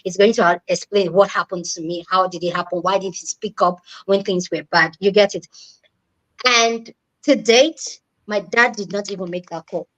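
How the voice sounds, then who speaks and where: A woman's voice: medium pitch, steady tone, moderate pace, a bit bright, rough recording. A young adult woman, not a native English speaker, earnestly telling a personal story in a casual chat and repeating key words for emphasis.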